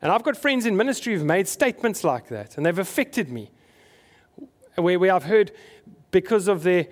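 A man's voice: high-pitched, very animated, normal speed. A man preaching a conversational sermon to his congregation, asking them questions as he goes. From South Africa. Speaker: pastor.

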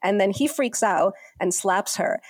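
A woman's voice: mid-range voice, measured pace, husky. A woman co-host in casual chat, chiming in with short comments while recapping a show. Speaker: podcast co-host.

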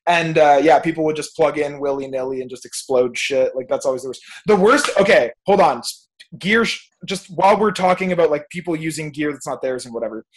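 A young music producer, guesting on a casual podcast chat, rants emphatically and swears freely. His voice is a little high and a little fast.

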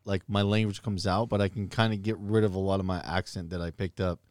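A man's voice: low-pitched, little pitch movement, fast talker, darkish tone, no echo, studio quality. A man chatting casually, earnest and reflective, repeating words as he works through a thought. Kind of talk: casual chat.

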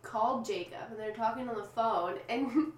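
Female podcast guest, fairly high voice, amused, distant from the mic in an echoey room. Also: moderate pace, slight background noise. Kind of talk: casual chat.

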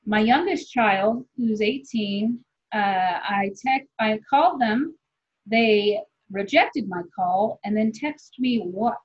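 A woman in her forties, a comedian guest, chatting casually and candidly, rambling and swearing freely with quick laughs. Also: mid-range voice, breathy edge. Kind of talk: casual podcast chat. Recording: dull lo-fi sound.

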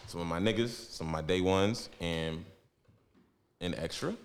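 A man's voice: deep voice, measured pace. A man hosting a casual podcast, talking in loose, repetitive slang and laughing often. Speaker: podcast host.

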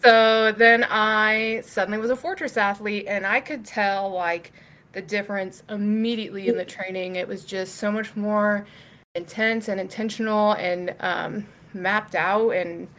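A woman's voice: mid-range voice, fairly even intonation, unhurried, a bit bright. Chatty young woman guest, filler-heavy. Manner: swears casually. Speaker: podcast guest. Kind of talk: casual storytelling interview.

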